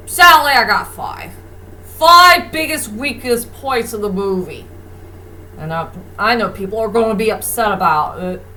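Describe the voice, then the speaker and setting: Earnest woman reviewer, higher voice, slow unhurried casual delivery. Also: pushed and bright, slight background noise, poor audio. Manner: earnest, plain-spoken, repeats a stock phrase to close points. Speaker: movie reviewer. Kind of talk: casual spoken movie review.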